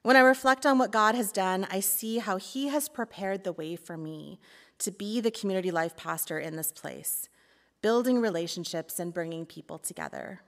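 A woman's voice: mid-range voice, moderate pace, a bit bright. A woman community life pastor giving a reflective sermon talk in church, playful and laughing at times, then earnest.

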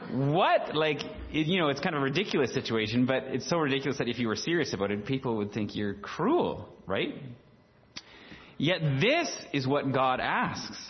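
A man's voice: medium pitch, muffled recording. A man preaching a sermon in a conversational way, full of rhetorical questions and filler words. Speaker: pastor.

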